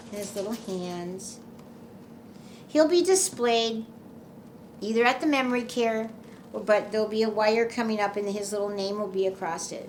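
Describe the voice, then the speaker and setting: Woman telling her own story, earnest and emotional, lots of restarts, faint hiss behind. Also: mid-range voice. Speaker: doll maker and memory care worker. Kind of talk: personal storytelling to camera.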